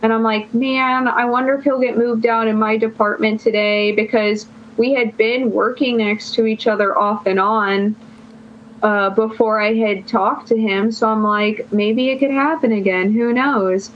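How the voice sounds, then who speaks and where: A woman's voice: on the high side, fairly even intonation, unhurried. A young woman guest on a podcast telling a long personal story in casual chat, rambling and filling her phrases with "like". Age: young adult. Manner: rambling, fills every phrase with "like". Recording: dull lo-fi sound.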